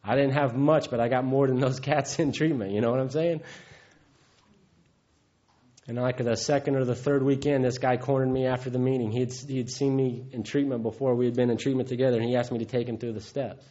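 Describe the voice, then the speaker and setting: A man's voice: mid-range voice, steady tone, a little fast, mellow. A man gives a heartfelt, folksy personal testimony at a recovery meeting, often chuckling. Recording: dull lo-fi recording.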